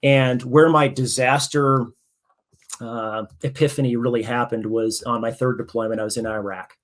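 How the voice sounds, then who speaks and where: A middle-pitched man in his forties tells stories from his past as a podcast guest. He paces them with energy, slipping into other people's voices for their lines. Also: moderate pace. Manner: animated anecdotal storytelling, acting out quoted dialogue. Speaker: guest, author and military veteran. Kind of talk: casual storytelling interview.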